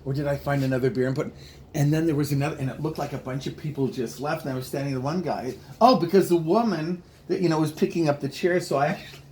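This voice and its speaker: A man telling rambling, halting anecdotes in a casual chat. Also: a little high, dark tone, slight background noise.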